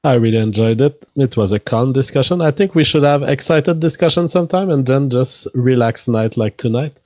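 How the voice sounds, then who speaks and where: A man speaking as a guest on a live stream, calm and plain-spoken, with non-native English phrasing. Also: mid-range voice, moderate pace, no room sound. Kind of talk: casual live-stream chat.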